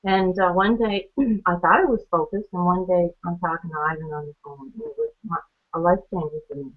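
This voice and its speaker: A woman's voice: on the low side, very animated, brisk. A woman telling her own story on a training call, chatty, laughing often and acting out the conversations she recalls. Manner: chatty, laughs often, acts out quoted exchanges. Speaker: guest speaker on a training call. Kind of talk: personal testimony. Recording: phone-line audio.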